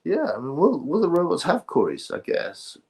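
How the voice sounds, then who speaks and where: A man's voice: fairly high pitch, wildly swooping pitch, a little fast, darkish tone. A man hosting a casual livestream, rambling sarcastically and answering chat messages. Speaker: livestream host.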